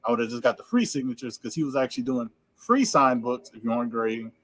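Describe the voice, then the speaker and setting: A man's voice: mid-range voice, fast, dry recording. Laid-back man from Louisiana. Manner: relaxed, repeats himself, laughs often. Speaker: podcast host. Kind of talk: casual chat.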